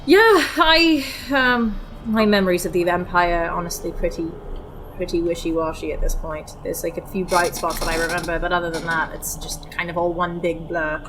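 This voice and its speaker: Woman, tabletop player, low voice, relaxed rambling chat, noisy recording. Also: brisk. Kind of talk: casual chat.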